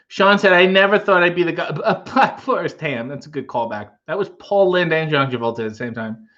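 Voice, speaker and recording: A man's voice: on the high side, fairly bright tone, lo-fi sound. A man hosting a casual livestream, reading viewer comments aloud and riffing on them with wry humor. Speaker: livestream host reading chat.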